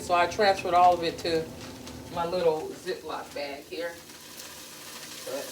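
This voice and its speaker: Here's a home cook vlogger, a middle-aged Southern woman, keeping up casual, earthy, profane talk with folksy grammar and tangents about her family as she cooks. She speaks at a medium pitch. The distant mic catches her voice bouncing off a bare kitchen, with a pan sizzling loudly over slight background noise.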